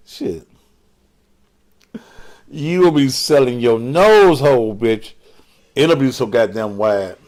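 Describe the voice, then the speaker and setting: Older guy cussing out commenters on his stream, voice all over the place, slow drawl. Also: mid-range voice, animated, darkish tone. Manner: crude, combative, cursing, mocking. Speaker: online show host. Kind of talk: profane live-stream rant.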